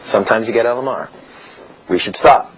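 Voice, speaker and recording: A man's voice: medium pitch, brisk. A man giving a casual seminar-style lecture as a dating coach, blunt and chatty, often acting out quoted dialogue. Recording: dull lo-fi recording with faint hiss.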